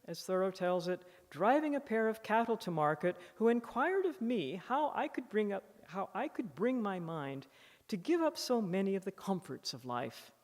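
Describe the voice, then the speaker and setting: A woman author giving a public lecture, reading from her book with expressive, animated emphasis at a podium microphone. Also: mid-range voice, moderate pace. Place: lecture hall in a library museum. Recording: long reverb of a lecture hall.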